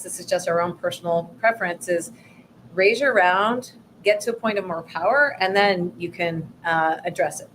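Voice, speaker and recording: A woman's voice: mid-range voice, fairly bright tone, rough recording. Upbeat woman workshop co-host, promotional and chatty, faint background noise. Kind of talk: workshop talk on pitching investors.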